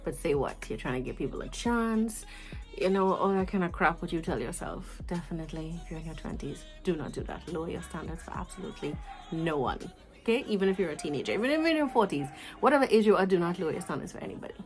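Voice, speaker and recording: A Trinidadian woman in her twenties telling a storytime vlog in an animated, chatty way, with asides to her viewers. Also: fairly low pitch, quick pace, faint music behind, poor audio. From Trinidad and Tobago. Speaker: vlogger.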